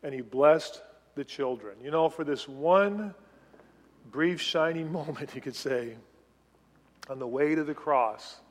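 A man preaching with a fairly high voice, animated and quizzing his listeners as he goes. His sermon rings with the long echo of a church hall. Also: a little slow, pauses often. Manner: animated preaching, asks the congregation questions. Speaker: pastor.

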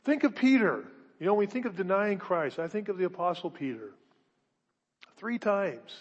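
A male pastor preaching a sermon in his church, emphatic and repetitive, asking rhetorical questions and swinging between loud declarations and hushed asides. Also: high voice, lively intonation, moderate pace, big-room sound, muffled recording.

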